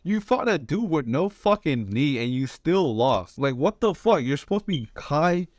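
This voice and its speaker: A man's voice: a little high, big pitch swings, normal speed, darkish tone, dry recording, clean studio sound. A man giving fight predictions, talking slangy and rambling, swearing a lot and restarting his sentences. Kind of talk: casual chat.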